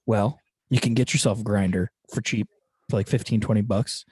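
A man's voice: lowish voice, steady tone, a little fast, a little mellow, breathy edge, no room sound, clean studio sound. A man chatting in a laid-back way, full of fillers like "you know" and "I mean," easily agreeing. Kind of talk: casual chat.

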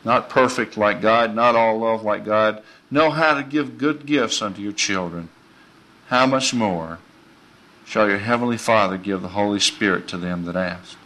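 Folksy, bright-voiced male preacher. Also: lowish voice, a little slow. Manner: folksy, animated, laughs often. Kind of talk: informal sermon.

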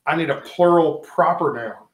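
A man's voice: fairly high pitch, normal speed. Playful man hosting, roomy sound. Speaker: host running a word game. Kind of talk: casual radio show chat.

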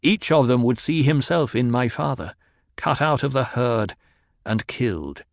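A man plays an imperious young duke heir who talks down to his elders in a forceful, cold voice. The audiobook sound is dry and close, with no room around it. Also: medium pitch, lively intonation, unhurried, vocal fry, no room sound. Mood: commanding.

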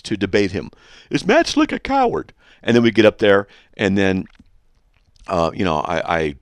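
A man hosting a radio show, reading a hostile letter aloud and mocking it with sarcastic, rambling, deadpan asides. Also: very deep voice, no echo, studio quality.

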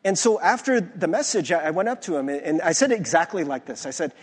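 A man's voice: fairly high pitch, expressive, fast. A young adult man, a pastor, telling personal stories in a conversational sermon with many restarts. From United States. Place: church sanctuary. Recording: long hall reverb from a church.

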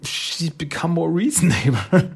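A man casually reading through a comic and reviewing it with enthusiasm, with many pauses and fillers. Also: on the high side, very animated, creaky, slightly rough.

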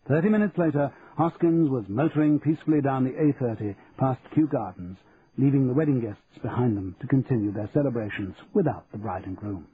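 A man reading an audiobook in an even, measured storytelling manner, over a tinny line with faint hiss. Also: mid-range voice. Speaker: audiobook narrator. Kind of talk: scripted audiobook narration.

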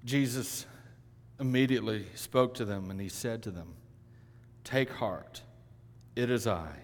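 A male pastor delivering a sermon, swinging between loud emphatic lines and hushed, quiet ones. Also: mid-range voice. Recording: long hall reverb.

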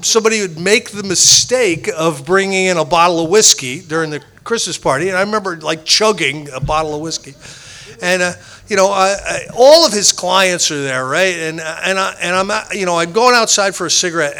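A man's voice: high voice, bright, forceful tone. A man sharing his personal recovery story with a meeting group, rambling and self-deprecating, with frequent restarts.

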